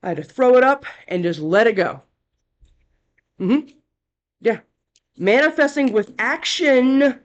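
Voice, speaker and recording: A woman's voice: fairly high pitch, lively intonation, unhurried, long pauses, dull audio. A woman giving a casual tarot reading, talking bluntly and chattily, scolding and cursing freely. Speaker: tarot reader.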